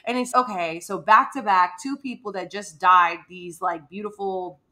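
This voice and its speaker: A woman's voice: medium pitch, normal speed. A woman co-hosting a podcast, chatting casually and animatedly about a book and acting out lines from it. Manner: chatty, animated, acts out quotes. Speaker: podcast co-host.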